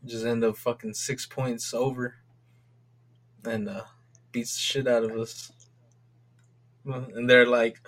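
Excitable, swearing man on a sports podcast. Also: mid-range voice, slow pace, pauses often, breathy edge. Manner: excitable, profane, rambling. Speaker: podcast co-host. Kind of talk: casual sports chat.

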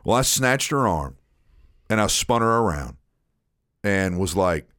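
Man, casual storyteller, low pitch, dry close sound, repeats words, quotes others. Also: very animated, a little slow, long pauses, a bit bright, no echo. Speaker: storyteller on a chat show.

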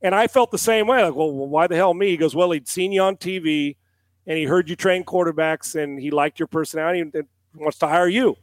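Ex-quarterback guest, middle-aged man, tells stories with swearing and voiced quotes, high and dry. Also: brisk, dry recording. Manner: animated storyteller, acts out quotes, swears casually. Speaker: guest, former NFL quarterback and analyst. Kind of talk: casual storytelling on a podcast.

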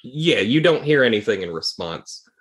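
Male game master narrating, calm and descriptive, mid-range voice. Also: medium pitch, normal speed, slightly rough.

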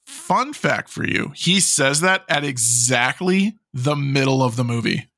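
A man with a bright, edgy tone chats about a film on a podcast, recorded dry and close. He is animated, drops casual swears, and tosses in fun facts. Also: mid-range voice, a little slow, no room sound. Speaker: podcast co-host. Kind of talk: casual movie review chat.

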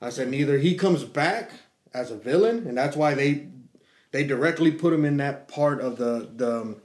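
A middle-aged man telling a story in casual chat, swearing freely and acting out quotes with lively energy. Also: mid-range voice, moderate pace. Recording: echoey room.

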